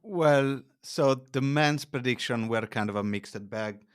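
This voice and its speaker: A man as a podcast guest, telling stories in a casual, animated way. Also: mid-range voice, a little slow, clean tone, no room sound, studio quality. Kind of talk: casual chat.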